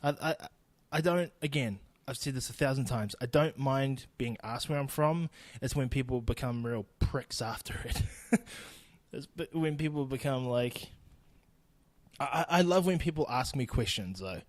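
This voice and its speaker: Young New Zealand man, blunt and profane podcast host, even mid pitch, dead-dry close sound. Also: normal speed, dry recording. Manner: blunt, sweary, laughing asides. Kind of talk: solo podcast rant. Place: home recording in Austin.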